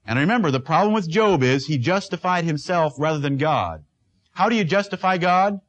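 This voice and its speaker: Pastor, male, high voice; emphatic sermon delivery with a repeated refrain and questions put to the congregation. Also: animated, moderate pace.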